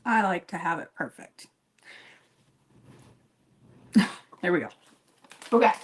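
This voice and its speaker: A woman's voice: lowish voice, expressive, normal speed, low-quality recording. A woman chatting casually to live viewers while she bakes, rambling and poking fun at herself. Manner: rambling, self-deprecating, chatty while working; talks to viewers by name, laughs often. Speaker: home baker. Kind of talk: casual live-stream baking chat.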